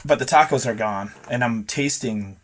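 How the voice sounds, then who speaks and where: A man in his thirties tells a story as a podcast guest. He speaks at an ordinary pitch, swears freely and plays out both sides of the conversations he recalls. Faint noise sits behind his voice. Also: moderate pace, a bit bright. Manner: rambling, heavy swearing, acts out dialogue. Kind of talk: casual storytelling.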